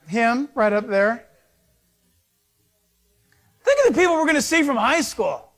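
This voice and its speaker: A male pastor delivers a sermon in a notably high voice that leaps up and down with energy. He jokes with his listeners and acts out little exchanges between people as he goes. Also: sing-song, unhurried, long pauses, a bit bright.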